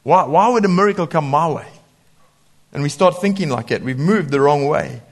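A man preaching a sermon in a lively way, laughing often and acting out voices when he quotes people. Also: fairly high pitch, moderate pace.

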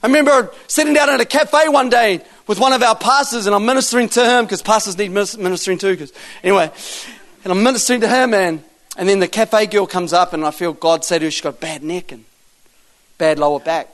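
Animated high-voiced New preacher. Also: male voice, quick pace. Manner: animated storyteller acting out dialogue, loud bursts. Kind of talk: sermon storytelling.

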